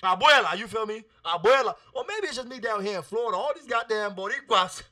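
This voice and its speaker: A man hosting a podcast, rambling through a profane, animated casual monologue. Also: high-pitched, fast. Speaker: podcast host.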